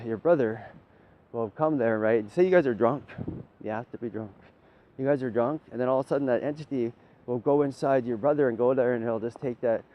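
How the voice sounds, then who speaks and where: A man talking in a loose, rambling spiritual monologue, swearing freely and asking "right?" again and again. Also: medium pitch. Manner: loose, profane, keeps asking "right?", laughs often. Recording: dull lo-fi audio with faint noise.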